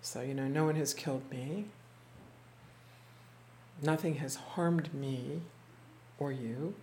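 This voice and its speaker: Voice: mid-range voice, steady tone, a little mellow, a little hiss or hum. Reflective storyteller teaching a small group. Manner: reflective, unhurried retelling with quoted voices; halting restarts and repeated words. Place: indoor room with a small group.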